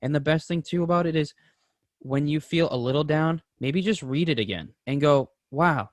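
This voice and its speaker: A man's voice: a little high, normal speed, darkish tone, no room sound. Candid rambling man, dry close mic. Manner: candid, rambling, swears freely. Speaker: podcast co-host. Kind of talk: casual podcast chat.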